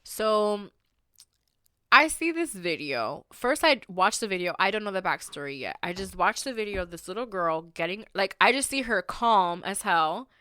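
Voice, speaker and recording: A woman's voice: mid-range voice, animated, normal speed, pushed and bright, clear, resonant tone, dry recording, clean studio sound. A woman hosting a podcast, telling a story in a casual, rambling way with lots of fillers and flaring into heated indignation. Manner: heated and indignant when riled. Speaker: podcast host.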